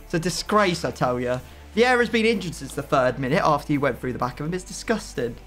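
A man giving excitable, playfully outraged commentary while playing a football video game. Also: fairly high pitch, quick pace, soft background music. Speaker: gaming YouTuber.

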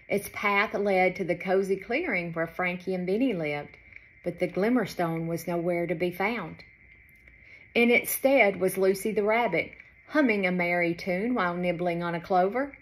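A woman author reading her children's storybook aloud in an expressive, lilting way. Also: on the low side, moderate pace.

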